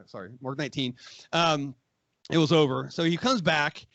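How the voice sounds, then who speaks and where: A man in his forties, a magazine editor, telling a profane, animated war story on a podcast and acting out what others said. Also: on the high side, measured pace, no room sound, highs cut off. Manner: profane, animated, acts out quoted voices. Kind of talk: casual storytelling, war anecdote.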